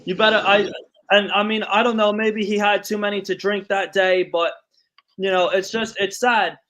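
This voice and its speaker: A man hosting a podcast, telling stories in an animated, profane way. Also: sits high, moderate pace. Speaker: podcast host. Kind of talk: casual storytelling chat.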